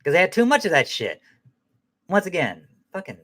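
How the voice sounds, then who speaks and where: A man's voice: high voice, huge pitch swings, normal speed, long pauses, a bit bright. A man hosting a podcast who rambles through an angry, profane rant and laughs at himself now and then. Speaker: podcast host.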